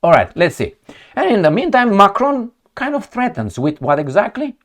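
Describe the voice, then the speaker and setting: Male political commentator, hot-tempered and mocking, voice swinging up and down with a slightly raised pitch. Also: wildly swooping pitch, moderate pace. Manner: heated, sarcastic and profane; mocking retorts and rhetorical questions. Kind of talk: reading headlines and commenting.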